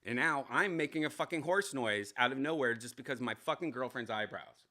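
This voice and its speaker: Loose-talking man with a bright, forceful voice. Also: medium pitch, lively intonation, fairly quick. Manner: loose, profane, self-mocking riffing. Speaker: host. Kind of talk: casual rambling livestream chat. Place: home studio.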